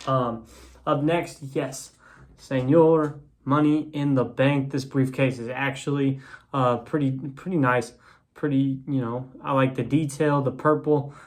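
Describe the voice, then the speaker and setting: A man's voice: mid-range voice, fairly even intonation, unhurried. Rambling man reviewing a toy figure. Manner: rambling, many fillers and restarts. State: has the hiccups. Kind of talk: casual unboxing review.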